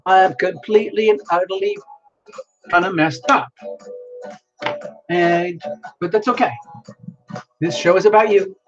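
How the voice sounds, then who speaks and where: A man's voice: high voice, steady tone, unhurried, pauses often, dull audio, over music. A worn-out man hosting a tarot livestream, rambling casually and greeting viewers by name.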